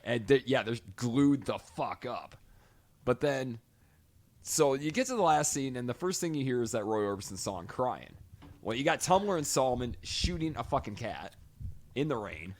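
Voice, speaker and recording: A young man co-hosting a podcast, chatting casually and profanely about a movie and shouting out lines from it. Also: mid-range voice, sing-song, moderate pace. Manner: profane, emphatic, mimics lines loudly. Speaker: podcast co-host. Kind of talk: casual film discussion.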